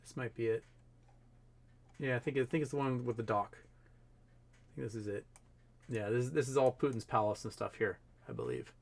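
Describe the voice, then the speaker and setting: Casual male streamer, mid-pitched, rambling and filler-heavy, swears now and then. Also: expressive, moderate pace, creaky, pauses often. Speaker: livestream host. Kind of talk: casual livestream commentary.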